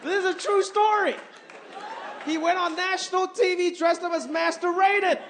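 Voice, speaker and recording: A man doing a stand-up comedy routine, animated and acting out his mother's voice. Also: very high-pitched, moderate pace. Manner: animated, acts out his mom's voice. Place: comedy stage before a live audience. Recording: live club with crowd and noise.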